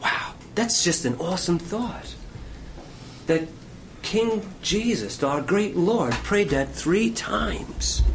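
A man preaching a sermon with passion, swinging between strong emphasis and quiet, near-whispered lines. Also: high voice, expressive, creaky, a little hiss or hum. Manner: impassioned preaching with dramatic pauses and dropping to near whisper. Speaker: pastor.

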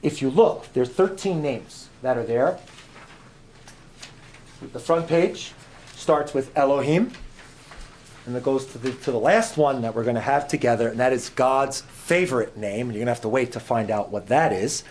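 A man's voice: medium pitch, moderate pace, a little mellow, a little hiss or hum. A man giving an informal sermon as a guest preacher in a church, chatty and joking, often repeating his phrases.

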